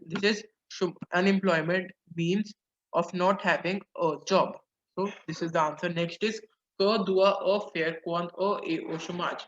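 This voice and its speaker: A man teaching a French lesson online, translating phrase by phrase and pausing on "uh"s as he explains. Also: sits high, fairly bright tone, a little hiss or hum. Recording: dull lo-fi audio.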